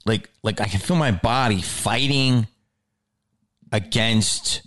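A man hosting a solo podcast, telling a story in casual chat, animated and swearing freely as he acts out his own reactions, heard on a lower-quality backup recording. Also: slow. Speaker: podcast host.

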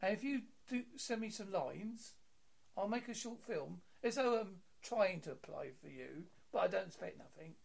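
A man's voice: sits high, expressive, normal speed, gravelly. A British man hosting an interview, chatting in a jokey, easygoing way with frequent stammered restarts. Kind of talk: casual interview chat.

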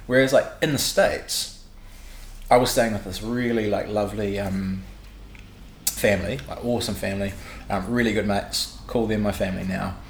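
A young New Zealand man tells loose, animated stories in a relaxed chat and swears freely along the way. His low voice has a gravelly edge. The room is echoey, with a faint hum behind him. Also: normal speed. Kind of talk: casual chat.

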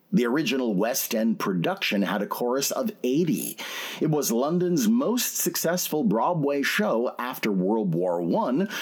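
Husky-voiced man narrating history. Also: mid-range voice. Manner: even, informative reading. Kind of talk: scripted narration.

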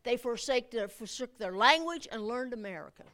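Middle-aged woman preacher, high ringing voice, animated delivery that climbs to forceful emphasis. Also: normal speed. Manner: animated, rising to emphatic outbursts, laughs at own asides. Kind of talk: sermon.

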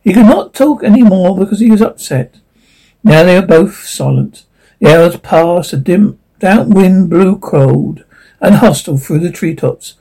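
A narrator reading a classic animal novel aloud in a gentle, lilting way. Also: mid-range voice, animated, measured pace, breathy edge, low-quality recording. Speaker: audiobook narrator. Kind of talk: storybook narration.

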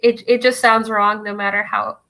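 A woman's voice: a little high, flat delivery, moderate pace, bright, forceful tone. A woman in her twenties from Russia with a Russian accent and a California upspeak lilt, chatting wryly as a podcast guest. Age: 20s. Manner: California upspeak, wry and joking. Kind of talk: casual chat.

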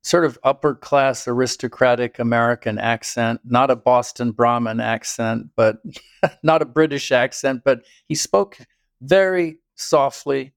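Speaking a little slowly, an older male biographer gives thoughtful, storytelling answers to an interviewer's questions, sometimes chuckling. His voice is smooth, medium in pitch and touched with vocal fry. It's a studio-quality recording with no echo.

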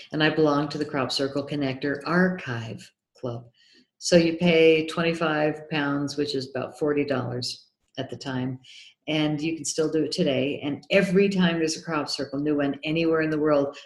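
A woman with a low voice tells a personal story with building excitement. She acts out the lines of people in it. The recording has a roomy echo. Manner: excitable, acts out remembered dialogue. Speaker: guest, documentary filmmaker. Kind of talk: animated storytelling in an interview.

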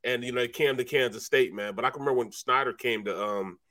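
A man's voice: medium pitch, fast talker, sharp tone. A man from St. Louis co-hosting a sports talk show and telling laid-back stories, saying "man" and "you know" a lot. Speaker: sports talk show co-host, former football player. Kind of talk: casual sports talk storytelling.

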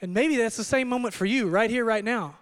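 High-voiced pastor preaching animatedly. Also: male voice, brisk. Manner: animated storytelling with conversational asides. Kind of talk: sermon. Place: church hall.

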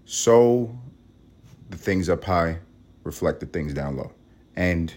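A man from Puerto Rico hosting a casual podcast monologue with a gravelly vocal fry, rambling and profane, jumping from loud outbursts to low mutters. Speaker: podcast host.

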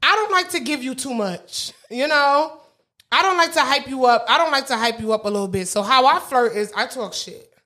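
Young new woman on a podcast, high voice, cocky and trash-talky, laughs a lot. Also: fairly quick, sharp tone. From New York. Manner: brash, swaggering, trash-talking with laughs. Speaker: podcast co-host. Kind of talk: casual chat.

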